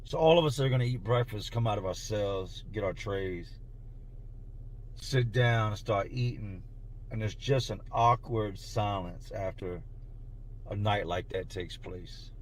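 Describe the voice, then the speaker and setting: A man telling a first-person story in a somber, halting way, as if haunted. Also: lowish voice, slight background noise.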